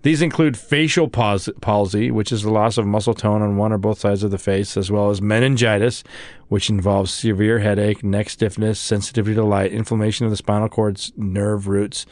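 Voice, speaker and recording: A man's voice: fairly low pitch, steady tone, moderate pace, a little mellow, dry recording. A man guesting on a podcast, chatting casually and stumbling as he reads medical text aloud. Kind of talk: casual chat.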